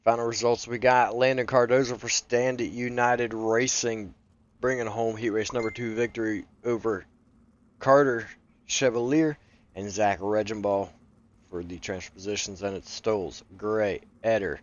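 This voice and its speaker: A man co-hosting a sim racing broadcast, easygoing and lifting with excitement on race action. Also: lowish voice, normal speed, muffled recording. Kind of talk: race commentary.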